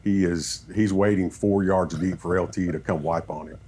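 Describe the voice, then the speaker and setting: A man who coaches football, telling animated stories in a podcast chat and acting out what people said. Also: low voice, moderate pace, slight background noise. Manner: animated storyteller, acts out quoted talk.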